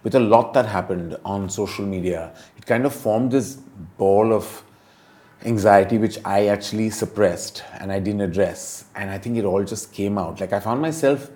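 A man's voice: on the low side, moderate pace, darkish tone. A middle-aged man with an Indian English accent, a film director speaking candidly and emotionally in an interview, full of fillers and restarts.

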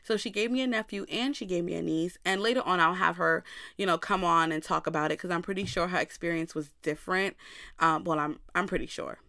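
A woman's voice: low voice, pushed and bright, dry recording, studio quality. A young woman hosting a podcast, telling a personal story in a candid way and talking straight to her listeners. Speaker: podcast host.

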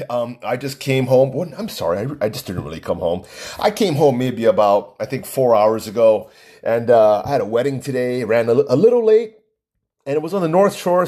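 A man's voice: medium pitch, a little mellow, husky. A man hosting his own podcast, talking in a chatty, rambling way with lots of asides and restarts. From Hawaii. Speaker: podcast host. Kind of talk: casual solo podcast monologue.

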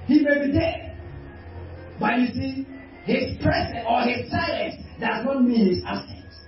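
A man preaching a sermon emphatically, often shouting and asking the congregation to repeat after him. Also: very high-pitched, a little slow. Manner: emphatic, shouting, call-and-response. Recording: echoey distant dull sound, faint music.

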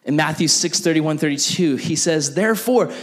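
A young adult man preaching a sermon as pastor, animated and acting out the voices he quotes. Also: fairly high pitch, moderate pace.

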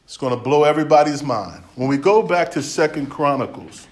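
A man's voice: on the high side, expressive, brisk, roomy sound. A man from the United States preaching a sermon in plain, slangy African American English, joking and laughing often as he reads and explains scripture.

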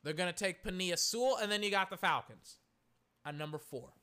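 Bright-voiced man ranting about sports. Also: high-pitched, brisk, clean tone. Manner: exasperated, animated, corrects himself often. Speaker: sports commentator. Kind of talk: solo sports opinion rant.

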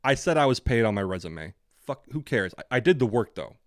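In a casual storytelling chat, a young man co-hosting a podcast speaks a little fast in a medium-pitched, sing-song voice. He curses liberally and rants, voicing both people in the exchange himself, in clean studio sound with no room noise.

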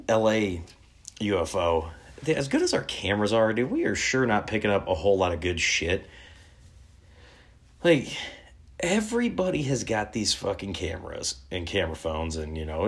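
A man in his thirties telling casual, rambling stories, laid-back and full of swearing. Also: deep voice. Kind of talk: casual storytelling.

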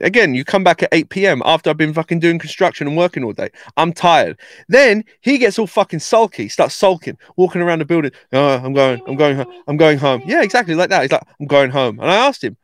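A man's voice: on the high side, big pitch swings, fast talker, no echo, studio quality. A man co-hosting a casual podcast, telling a story insistently, swearing and repeating himself. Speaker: podcast co-host. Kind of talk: casual chat.

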